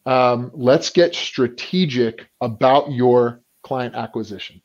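A man talking as a business coach in a casual podcast conversation, acting out the people he quotes and often clearing his throat. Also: mid-range voice, slow, highs cut off. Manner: animated storyteller who acts out quoted people.

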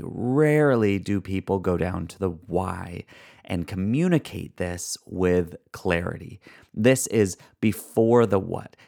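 A man with a low, gravelly voice hosts a solo podcast. He talks upbeat and leans on key words by drawing them out slowly. The fry in his voice runs steadily through the talk. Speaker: podcast host.

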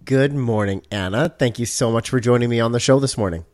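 A man's voice: medium pitch, a little fast, over music. A man hosting a podcast, introducing the episode and interviewing a guest in a casual, joking way. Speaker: podcast host.

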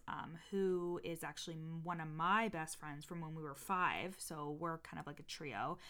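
A woman's voice: lowish voice, a bit bright, smooth. A young woman hosting a casual, unedited podcast, gushing and swearing freely with lots of "like" and "um", her voice a little off today. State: voice a bit off. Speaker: podcast host and coach.

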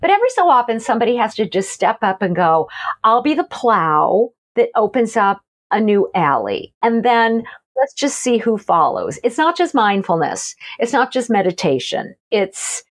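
A middle-aged woman, a guest author and energy healer, telling stories in a casual, animated conversation with frequent laughter. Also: on the high side, moderate pace. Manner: animated, laughing, acts out quoted voices.

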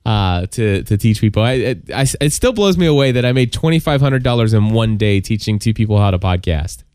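A man hosting a podcast in casual chat, talking fast with many stammered restarts. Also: lowish voice, expressive, darkish tone, clear, resonant tone, no room sound, clean studio sound. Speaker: podcast host.

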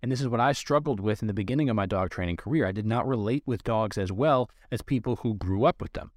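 In this instructional podcast, a male dog trainer explains his training rules in an earnest, straightforward manner. He talks fast in a lowish voice, and the clean studio sound carries no room echo.

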